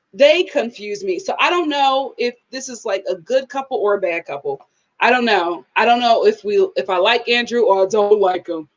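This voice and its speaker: A woman hosting a live TV review, talking in an expressive, animated way and responding to viewers. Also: a little high, dull audio. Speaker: host of a TV review channel.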